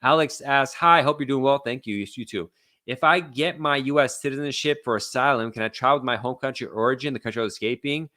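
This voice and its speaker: A man's voice: mid-range voice, fast talker, bright, forceful tone, dry recording, clean studio sound. A man answering viewer questions live as an immigration lawyer, reading them out and replying in a casual, blunt way. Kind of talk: live Q&A stream.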